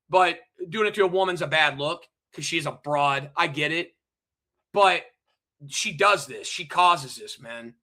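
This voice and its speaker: High, sharp-voiced man ranting. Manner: heated, profane, repetitive, addresses chat directly. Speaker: livestream host. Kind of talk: angry ranting livestream monologue.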